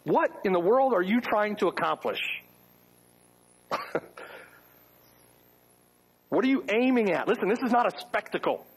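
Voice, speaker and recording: A man's voice: high voice, animated, unhurried, pauses often, breathy edge, rough recording. A man preaching a sermon to his congregation, firing off rhetorical questions with wry asides. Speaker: pastor. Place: church.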